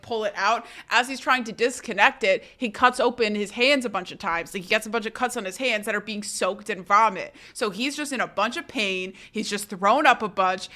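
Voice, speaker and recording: A young woman streamer telling a story to her chat in an animated, laughing way, swearing freely. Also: on the high side.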